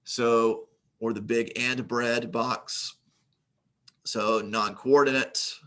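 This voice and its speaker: A man's voice: mid-range voice, fairly even intonation, extremely slow, a bit bright. A man teaching a recorded grammar lesson, reading example sentences aloud and explaining them methodically, with the occasional filler.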